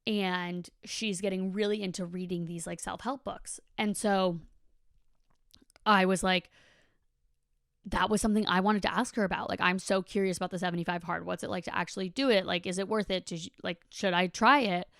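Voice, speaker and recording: Podcast host, woman in her twenties, chatty and casual, swears freely, smooth clear tone. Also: fairly low pitch, steady tone, normal speed, a bit bright, dry recording, clean studio sound. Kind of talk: casual monologue.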